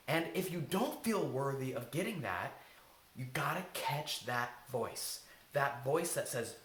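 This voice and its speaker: A man's voice: medium pitch, sing-song, unhurried, a bit bright. A man giving casual, earnest self-help advice, informal and now and then swearing. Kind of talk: casual advice talk to camera. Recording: echoey room, faint hiss.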